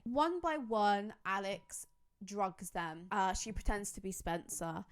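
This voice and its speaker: A young woman chatting casually to camera as a YouTuber, rambling enthusiastically with lots of fillers. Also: medium pitch. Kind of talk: casual fan commentary.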